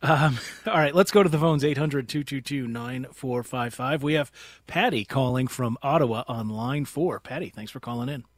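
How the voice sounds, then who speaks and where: A man hosting a public radio call-in show, relaxed and friendly as he banters and takes calls. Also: medium pitch, normal speed, no echo.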